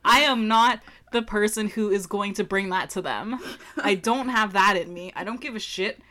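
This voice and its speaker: A woman's voice: mid-range voice, moderate pace, pushed and bright. A young woman in casual chat, dry and blunt, swearing freely.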